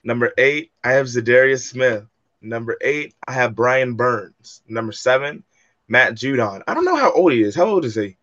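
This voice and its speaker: A college-age man talks through his picks in a relaxed podcast chat. He jokes around and plays up being defensive about his team. The sound is a little dull and lo-fi. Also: mid-range voice, moderate pace. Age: young adult. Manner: jokey, playfully defensive. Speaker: co-host.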